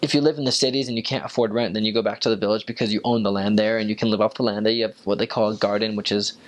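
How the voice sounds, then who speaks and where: A young man, a returned missionary, telling stories in a relaxed, casual way, with lots of fillers, and jumping up in pitch when he quotes people. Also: racing. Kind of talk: casual storytelling.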